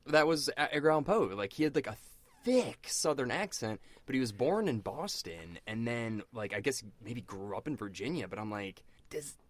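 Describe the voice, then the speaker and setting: A man's voice: medium pitch, lively intonation, normal speed. A man co-hosting a podcast, talking in a casual, chatty way with lots of fillers. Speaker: podcast co-host. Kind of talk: casual chat.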